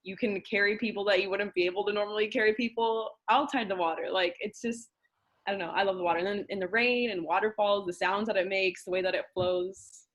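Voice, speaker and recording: A young woman shares eagerly in a small group, her speech slow and warm with excitement. She leans on "like" often as she gathers her thoughts. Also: medium pitch. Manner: enthusiastic, slow, many "like" fillers. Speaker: group participant. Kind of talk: casual sharing.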